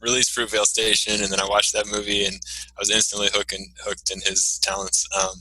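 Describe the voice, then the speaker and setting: A man with a sharp, tense tone and a flat, even pitch leads a casual film podcast discussion. He talks eagerly, hesitates often, and throws questions to the others. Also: brisk, low-quality recording. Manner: eager, hesitant with many fillers, poses questions. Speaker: podcast co-host.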